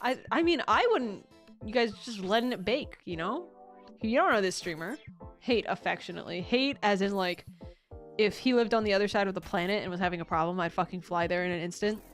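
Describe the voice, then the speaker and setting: A woman's voice: mid-range voice, brisk, soft background music. A woman streaming casual chat, rambling with frequent restarts, swearing casually and laughing often.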